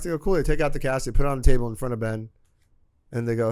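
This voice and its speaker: A man from Canada, a podcast guest, telling a profane, animated story and acting out the voices of the people in it. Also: mid-range voice, rapid-fire, clear, resonant tone. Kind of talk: casual storytelling.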